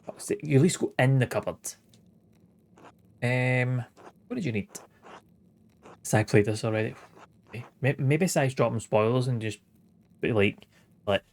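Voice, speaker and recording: A man in his late thirties plays through a story game on stream, reading the characters' lines aloud between wry, sweary asides. His voice sits at a middle pitch, and he keeps things casual with the odd chuckle. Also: normal speed, pauses often, a little mellow. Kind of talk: casual let's-play commentary, reading game dialogue aloud.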